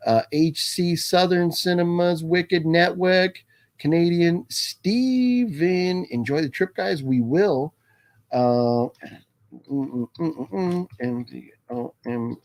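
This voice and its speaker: A man with a slightly high voice speaks slowly while hosting a relaxed live stream from a room in his home lined with his movie collection. He chats loosely, reads out viewer names, and laughs a lot.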